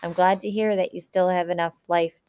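A woman's voice: fairly low pitch, fairly even intonation, fairly quick, clean tone, dry recording, natural voice. A woman doing a kindly older farmer man. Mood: reassuring. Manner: soft, reassuring, addresses boy as lad. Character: kindly older male farmer, gentle and urgent.

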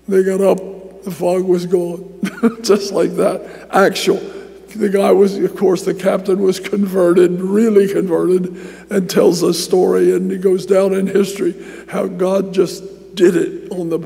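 A man's voice: high-pitched, gravelly, dark tone. A male pastor preaching a sermon, telling stories with frequent repeats and restarts. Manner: storytelling with many repeated words and restarts. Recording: long hall reverb.

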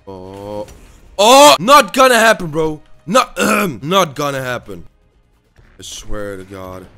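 A man's voice: medium pitch, animated, moderate pace, sharp tone, clean tone, soft background music. A man giving live gameplay commentary, swearing constantly and raging at his opponents, often stammering and repeating himself. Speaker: gaming YouTuber.

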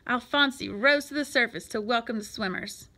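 A woman reading a children's picture book aloud in an expressive, lively way. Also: fairly high pitch, moderate pace. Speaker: storyteller.

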